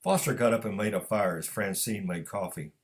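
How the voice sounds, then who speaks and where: Guy reading his own story aloud, low voice, slow steady delivery. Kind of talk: scripted narration.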